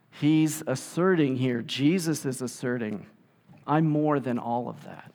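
A man preaching a sermon in an animated way, often acting out the voices of the people he quotes. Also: medium pitch, unhurried. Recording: long hall reverb.

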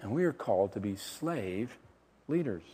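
Lively preacher in an echoing hall. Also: male voice, fairly low pitch, moderate pace, slightly rough. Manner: emphatic, dramatic swings from loud to hushed. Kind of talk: sermon. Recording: long hall reverb.

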